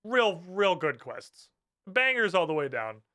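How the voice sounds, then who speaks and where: A man streaming a video game, giving animated, profane, ranting commentary. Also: high-pitched, unhurried. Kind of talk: casual live-stream commentary. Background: game music.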